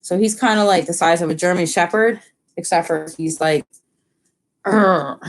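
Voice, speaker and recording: A woman talks in a loose, rambling way, scattering fillers as she live-streams from her home. Her voice sits a little low for a woman. It is relaxed, unscripted chat. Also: brisk. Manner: chatty, rambling, many "like" fillers; slips into high baby talk with her dog. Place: family home.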